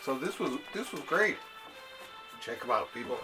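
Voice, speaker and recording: A man's voice: mid-range voice, sing-song, normal speed. A man hosting a laid-back chat about comic books in a home library. He rambles, restarts his sentences and laughs often. Faint music plays under his voice. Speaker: show host.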